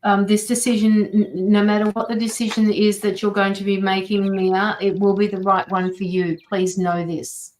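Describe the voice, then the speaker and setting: A woman reading tarot and passing on spirit messages to viewers on a livestream, gentle and reassuring, pausing often with fillers. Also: medium pitch, little pitch movement, slight background noise, low-quality recording. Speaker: tarot reader and medium.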